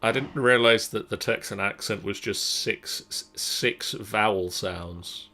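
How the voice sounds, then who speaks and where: Man, young adult, streamer, slow casual chat, bright tone. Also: lowish voice. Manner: unhurried, talks to chat. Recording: faint keyboard clicks behind.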